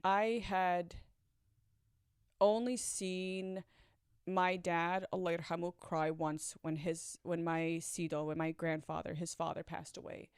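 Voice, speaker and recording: A woman's voice: on the low side, clear, resonant tone, dry recording, studio quality. A woman telling her own story in a candid, reflective way and laughing nervously at moments. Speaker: storyteller sharing a personal story. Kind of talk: confessional personal storytelling.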